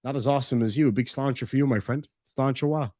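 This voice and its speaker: A man's voice: medium pitch, quick pace, a little mellow, dry recording, clean studio sound. A man with an Irish accent hosting a livestream, reading out viewer messages in a casual, joking, playfully crude way. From Ireland. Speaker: livestream host.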